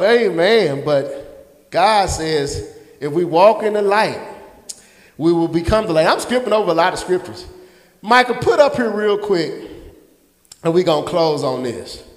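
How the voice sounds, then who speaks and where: A man's voice: high voice, big-room sound. A man pastor preaching a sermon with call-and-response, calling out congregants by name. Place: church sanctuary.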